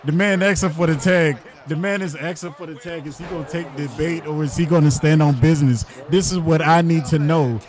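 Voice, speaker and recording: A young man hosting an online wrestling league, doing loud, hyped play-by-play of a video game match, repeating his lines and heckling the players. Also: fairly high pitch, fairly quick, hardly any pauses.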